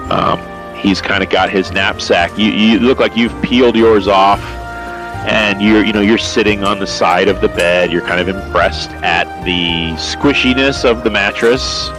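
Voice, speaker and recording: Low-pitched male game master, halting narration full of restarts, faint music underneath. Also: rough recording. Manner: halting, many fillers and restarts.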